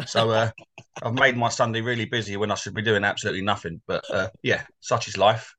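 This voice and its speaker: Bright-voiced man in his forties. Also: fairly low pitch, fairly even intonation, a little fast. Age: 40s. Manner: rambling, anecdotal, laughs easily. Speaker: co-host. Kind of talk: casual football chat.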